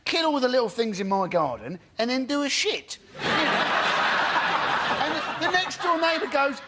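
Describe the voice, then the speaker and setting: A comedian on a panel show, working himself up into an indignant rant. His voice is strikingly high for a man. Loud studio noise surrounds him. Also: very animated, measured pace. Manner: indignant ranting.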